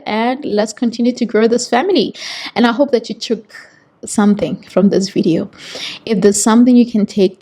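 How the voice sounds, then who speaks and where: A woman's voice: mid-range voice, mellow. Earnest South African woman in her thirties. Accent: South African English. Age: 30s. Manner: heartfelt, earnest, repeats words, fillers. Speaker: vlogger host. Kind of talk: casual motivational talk to camera.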